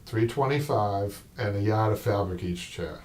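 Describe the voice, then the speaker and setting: A man's voice: on the low side, moderate pace, darkish tone. A man with a Boston accent hosting a live upholstery show. He rambles and restarts in casual talk. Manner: rambling, with many restarts and asides. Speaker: upholstery shop owner and show host. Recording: distant mic with faint noise.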